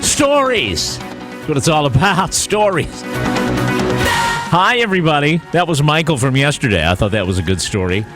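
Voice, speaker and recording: A man's voice: on the high side, lively intonation, moderate pace, pauses often, over loud music. A man hosting a radio talk show, playful and jokey, repeating words for emphasis.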